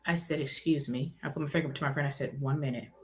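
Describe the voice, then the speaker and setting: A woman's voice: sits low, steady tone, fast. A middle-aged woman telling a story casually and acting out the other people's voices.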